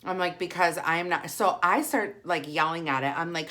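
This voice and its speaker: A woman, telling a story in a chatty, animated vlog style. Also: lowish voice, moderate pace, few pauses. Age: 40s. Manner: animated, chatty, heavy use of "like". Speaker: vlogger. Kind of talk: casual storytelling while eating.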